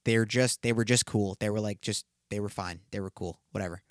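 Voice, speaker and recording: A man's voice: lowish voice, fairly even intonation, brisk, no room sound, studio quality. A young man hosting a solo podcast, telling a story in a rambling, profane way, full of fillers. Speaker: podcast host.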